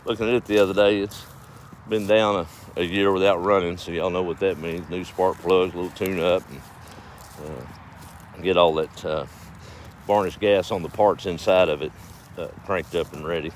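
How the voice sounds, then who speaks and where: Low-voiced farm guy, folksy, chuckles a lot, faint hum behind. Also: fairly even intonation, normal speed. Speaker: farm vlogger. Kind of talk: casual storytelling livestream.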